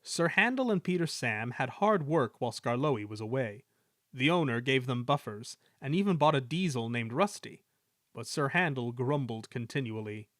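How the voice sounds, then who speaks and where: A man reading a children's railway story aloud in a measured, expressive way. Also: mid-range voice, no echo, studio quality. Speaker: reader.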